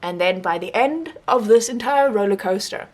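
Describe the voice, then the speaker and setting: A young woman book vlogger giving a casual, rambling monthly reading wrap-up, animated and laughing often. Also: mid-range voice, normal speed.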